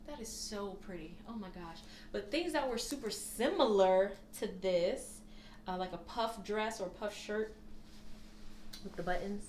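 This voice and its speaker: A woman's voice: medium pitch, a little hiss or hum. Gushing woman in an echoey room. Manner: gushing, animated, laughs often. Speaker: reseller vlogger. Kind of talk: casual thrift haul chat.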